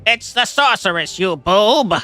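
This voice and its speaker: A man's voice: high voice, expressive, unhurried, pushed and bright, faint music behind, voice pushed up, exaggerated voice. A man doing a nasal skeleton villain impression. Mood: sneering.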